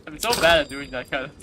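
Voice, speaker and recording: A man's voice: a little high, very noisy. A man streaming a strategy game, chatting casually, swearing and laughing at himself. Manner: laughing, swearing, self-mocking. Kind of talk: casual game livestream chat.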